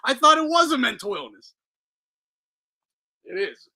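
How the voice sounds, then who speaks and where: A man hosting a boxing talk podcast in a loud, profane, mocking chat. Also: very high-pitched, sing-song, unhurried. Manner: loud, profane, laughing mockery. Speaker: podcast host. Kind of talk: casual chat.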